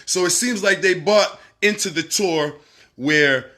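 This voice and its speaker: A Barbadian man hosts a casual livestream, chatting loosely and shouting out his viewers by name. His voice sits a bit high for a man and has a bright, sharp edge. He swears freely and laughs often. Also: unhurried. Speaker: livestream host. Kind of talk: casual livestream chat reading viewer comments.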